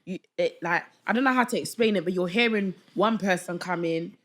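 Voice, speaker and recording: Animated young woman telling a story. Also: lowish voice, fairly quick. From London. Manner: animated, acts out quoted voices, slangy. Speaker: podcast guest. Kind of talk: casual storytelling chat.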